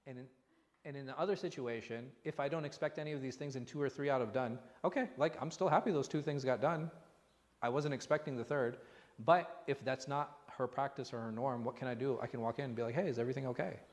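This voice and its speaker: A man, an imam, giving a conversational religious lesson, animated and full of rhetorical questions. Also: mid-range voice, a little fast. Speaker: imam teaching a class. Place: mosque hall. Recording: long reverb in a hall.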